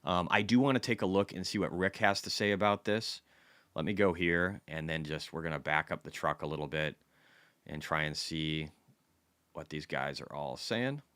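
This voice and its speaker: A man's voice: extremely low pitch, moderate pace, a bit bright, clear, resonant tone. A man hosting a casual stock market livestream, blunt and chatty, reading economic data aloud and answering viewers' questions.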